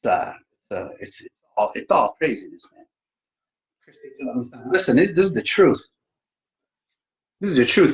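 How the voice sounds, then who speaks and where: A middle-aged man with a mid-range voice hosts a casual live stream from home, joking at his own expense and addressing his viewers directly. The audio sounds dull.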